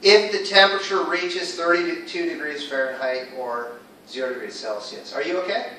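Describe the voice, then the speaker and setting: A man's voice: on the high side, normal speed, pushed and bright, a little hiss or hum. A man teaching an English class in a casual, upbeat way, quizzing his students. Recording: echoey room, far from mic.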